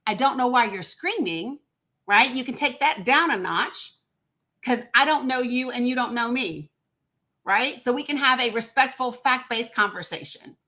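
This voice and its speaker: A woman's voice: fairly high pitch, lively intonation, normal speed, bright, forceful tone. A woman hosting a live call-in stream, firmly laying down rules and speaking bluntly to callers. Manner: firm, lays down rules, blunt. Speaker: host.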